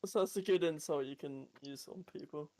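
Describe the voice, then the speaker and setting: Higher-pitched man rambling through jokes. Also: brisk, a little mellow. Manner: rambling, stumbling storyteller. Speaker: live stream guest. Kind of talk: casual joke-telling chat.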